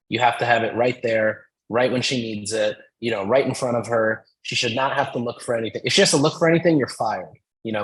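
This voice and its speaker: Male guest, mid-pitched, explains his approach with animated examples over a video call. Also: low-quality recording. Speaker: podcast guest, company founder. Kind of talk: casual explanatory chat.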